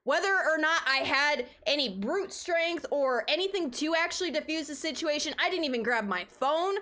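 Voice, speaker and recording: A woman's voice: high voice, animated, normal speed, sharp tone. A woman streamer telling a story in a heated, profane, emphatic way. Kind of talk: casual storytelling rant.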